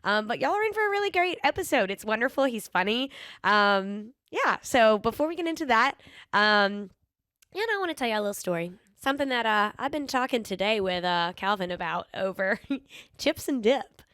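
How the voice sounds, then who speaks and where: A young woman hosts a solo podcast, chatting casually and telling stories with playful sass and frequent ums, plus an occasional slight lisp. Her voice is a little high and fairly bright, lively in intonation at a normal speed, in a dry, clean studio recording.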